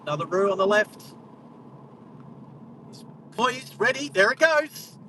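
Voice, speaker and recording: A high-voiced Australian man chats casually to his live audience while driving, calling out animals along the road. He sits back from the car mic, and steady road and engine noise runs under everything he says. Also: takes it slowly, far from the mic, rough recording. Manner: chatty, exclaims at wildlife, talks to live chat. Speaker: driving livestream host. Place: inside a moving car on a country road.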